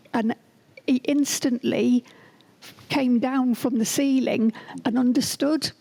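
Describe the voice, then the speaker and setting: Earnest woman telling stories, slightly high. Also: steady tone, slow, gravelly, long pauses, mellow, poor audio. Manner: earnest, acts out quoted dialogue. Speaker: school principal, guest. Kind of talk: podcast interview, anecdotal storytelling.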